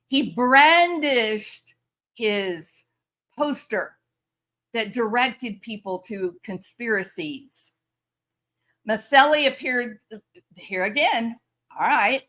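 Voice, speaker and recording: A woman's voice: fairly high pitch, very animated, slow pace, fairly bright tone. A woman commentator reacting to a news story, incredulous and sarcastic, often laughing in disbelief.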